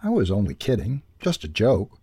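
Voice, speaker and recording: A man's voice: lowish voice, huge pitch swings, normal speed, vocal fry, mellow, slightly rough, no room sound, heavily acted. A man reading a storybook, voicing a brash male ground squirrel who chatters in a slangy, breezy way. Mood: cheeky.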